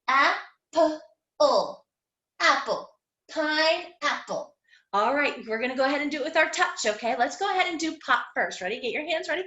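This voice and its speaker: A woman teaching young children an online phonics lesson, sounding out letters slowly in an encouraging, sing-song way. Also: high voice, bright, forceful tone, reverberant, highs cut off. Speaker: kindergarten teacher. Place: home room.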